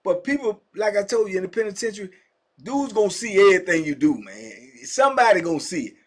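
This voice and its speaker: A middle-aged man telling a prison story in a casual, animated way, full of slang and talking straight to his listeners. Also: high-pitched, quick pace.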